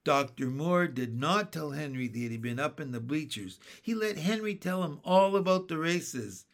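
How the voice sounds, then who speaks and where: A man reading a children's book aloud as narrator, slow and careful. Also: a little high, lively intonation.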